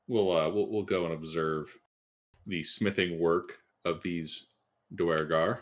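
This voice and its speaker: A male player thinks aloud about his character's next move. He hesitates and repeats words. His voice sits low. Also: fairly even intonation, slow pace. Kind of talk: tabletop game chat.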